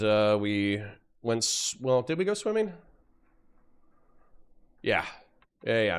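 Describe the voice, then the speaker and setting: Man, thirties, streamer, rambling casual chat, smooth clear voice, mid pitch. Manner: rambling, chatty, yawning between thoughts.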